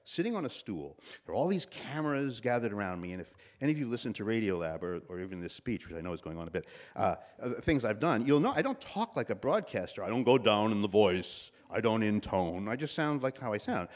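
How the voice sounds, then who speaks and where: Giving a commencement speech, a slightly nasal man in his sixties tells stories and imitates the voices of those he quotes. His voice sits on the low side, very animated, at a quick pace with few pauses.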